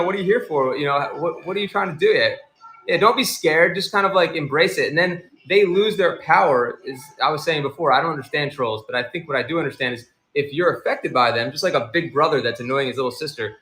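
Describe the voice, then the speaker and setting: A man hosting a casual live stream as a seller, talking in a rambling, animated way and acting out the people in his stories. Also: fairly high pitch, reverberant, slight background noise. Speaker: livestream seller and host.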